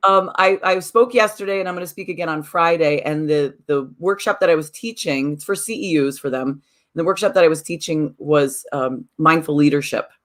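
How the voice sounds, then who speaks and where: A woman with a low voice co-hosts a podcast and teaches mindfulness workshops. In casual chat, she tells a story and acts out the people she quotes.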